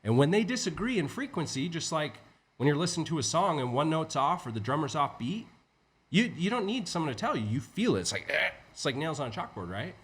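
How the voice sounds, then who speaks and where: A man as a podcast guest, an entrepreneur teaching in a casual, animated way with frequent swearing. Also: fairly high pitch, fairly quick. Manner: animated, profane, acts out inner voices. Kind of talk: conversational teaching.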